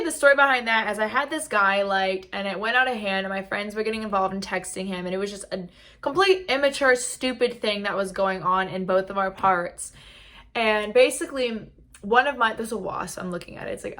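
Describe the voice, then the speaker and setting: A woman's voice: medium pitch, fairly quick, a bit bright. A young woman telling a storytime vlog in a chatty way, leaning on "like" a lot. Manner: chatty, heavy use of "like". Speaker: vlogger. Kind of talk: casual storytime. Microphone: camera mic.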